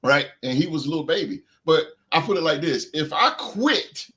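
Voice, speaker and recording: Earnest, emphatic man, higher voice. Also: lively intonation, moderate pace, fairly bright tone. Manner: emphatic, repeats himself, earnest and motivational. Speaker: podcast guest. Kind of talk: heartfelt casual chat.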